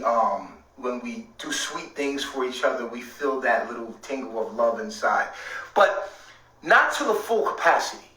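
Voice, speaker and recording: Bright-voiced man, rambling in an echoey room. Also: mid-range voice, distant mic. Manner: rambling and emphatic, swears often, breaks into shouts. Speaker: host. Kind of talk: casual storytelling. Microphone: streaming setup. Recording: echoey room, away from the mic.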